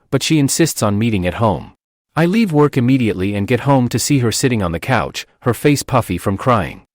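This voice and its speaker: Man with an animated storytelling voice. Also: medium pitch, dry recording, clean studio sound. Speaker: story narrator. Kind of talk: scripted narration of a reddit post.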